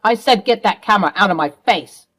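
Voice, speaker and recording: This is a scheming middle-aged stepfather, voiced by a woman, all bluster and quick denials. He stammers and raises his voice whenever he is cornered. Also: mid-range voice, lively intonation, fairly bright tone. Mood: outraged. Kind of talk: storytime role-play.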